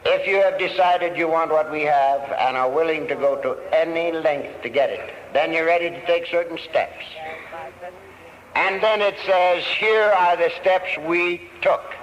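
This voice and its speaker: A man speaking at a recovery meeting, telling his story in an earnest, deliberate way. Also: on the high side. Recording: old lo-fi tape recording.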